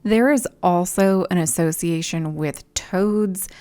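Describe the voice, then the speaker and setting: A woman's voice: lowish voice, slow, dark tone. A chatty woman vlogger explaining mythology in a casual way, often unsure of how to say names. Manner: chatty, unsure of name pronunciations. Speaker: witchcraft vlogger. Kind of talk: casual informative talk.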